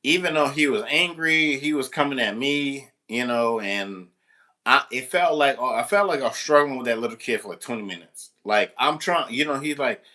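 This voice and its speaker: Bright-toned man telling a rambling story. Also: medium pitch, normal speed. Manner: animated, rambling storyteller with frequent restarts and casual swearing. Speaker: substitute teacher. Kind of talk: casual storytelling to camera.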